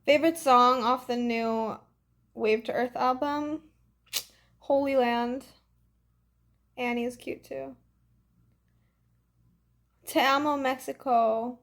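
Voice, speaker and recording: Young woman, high voice, congested, breezy livestream chat, phone mic. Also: fairly even intonation, slow, creaky, pauses often. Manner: chatty, breezy, lots of "like" and "literally". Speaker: livestream host reading fan comments.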